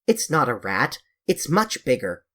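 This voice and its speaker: A reader doing a shrill, excited young girl. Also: a little slow, breathy edge, full character voice. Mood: insistent. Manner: high, loud, urgent pleading.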